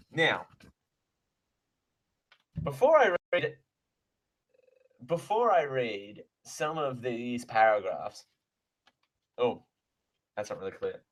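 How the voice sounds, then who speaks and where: A man's voice: mid-range voice, very animated, slow, long pauses, a bit bright, poor audio. A man hosting a live radio show from a studio mic, rambling and correcting himself with sarcastic asides. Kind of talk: live radio talk, reading mail aloud. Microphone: close studio microphone.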